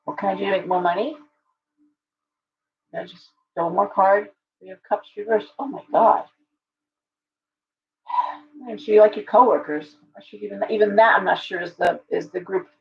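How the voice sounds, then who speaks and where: A woman's voice: mid-range voice, fairly even intonation, moderate pace, vocal fry. A woman hosting a casual live-stream tarot reading. She talks it through aloud with chatty restarts and greets viewers by name. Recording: dull lo-fi stream audio.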